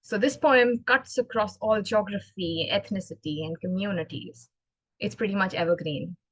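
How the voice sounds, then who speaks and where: A woman giving a prepared club speech on poetry, earnest and expressive, talking in a measured way. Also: mid-range voice, husky, no echo, poor audio. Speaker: club speaker.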